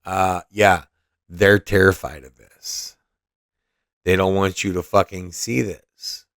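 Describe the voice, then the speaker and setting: A man's voice: low-pitched, little pitch movement, takes it slowly, fairly bright tone, no echo, studio quality. A man hosting a podcast, giving profane, mocking and combative political commentary. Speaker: podcast host.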